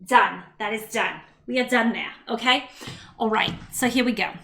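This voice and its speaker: A woman's voice: fairly high pitch, moderate pace, vocal fry, fairly bright tone, a little hiss or hum, poor audio. A woman hosting a casual cooking livestream from her home kitchen, chatty and bubbly, reading viewer comments and talking to her toddler. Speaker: cooking stream host and mother.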